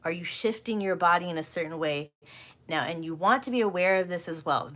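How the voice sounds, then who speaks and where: A woman's voice: fairly low pitch, brisk, a bit bright. A middle-aged woman giving a live coaching talk, earnest and full of rhetorical questions that she often repeats. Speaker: communication coach.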